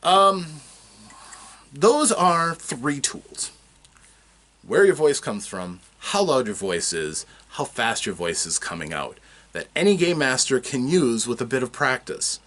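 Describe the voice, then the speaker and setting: A man with a Midwestern American accent, a tabletop game tutor explaining voice technique in an animated, demonstrative way. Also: mid-range voice, slow. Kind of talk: instructional talk to camera.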